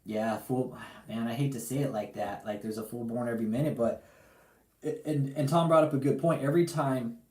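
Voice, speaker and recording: A mid-range male voice, fairly quick and a little mellow, with a roomy sound. The man is a livestream host in the middle of a heated rant, swearing angrily, repeating himself, and calling his target out directly.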